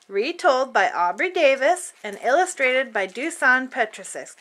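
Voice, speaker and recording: A woman reading a picture book aloud to children in an expressive, playful storytelling manner. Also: high voice, measured pace, slight background noise.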